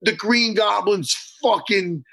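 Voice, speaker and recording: A man co-hosting a casual chat, excitedly retelling a movie scene, swearing freely and breaking into loud laughter. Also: sits high, takes it slowly, gravelly. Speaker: podcast co-host.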